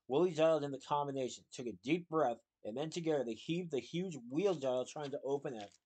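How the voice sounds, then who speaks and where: Guy reading a kids book out loud, steady, kinda higher voice. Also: brisk, husky. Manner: plain, steady storytelling. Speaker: reader. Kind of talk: reading a children's novel aloud.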